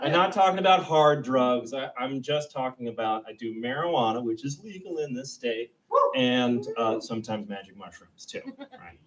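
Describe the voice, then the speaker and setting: On a comedy club stage, a young man rambles through a self-deprecating stand-up set, slipping into quick, high-pitched voices for the characters in his stories. He's expressive, but the mic is distant and the audio quality is poor.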